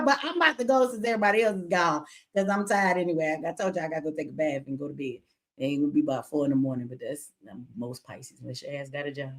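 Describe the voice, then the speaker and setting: A woman's voice: low-pitched, quick pace. A tired woman hosting a livestream, chatting bluntly and candidly, joking with guests and reading super chats aloud. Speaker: livestream host. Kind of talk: casual livestream chat.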